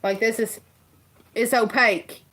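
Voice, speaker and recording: A woman's voice: fairly high pitch, steady tone, a little slow, a bit bright. A woman with a Southern US accent hosting a casual livestream, rambling and laughing often as she chats. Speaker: livestream host. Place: farm home kitchen.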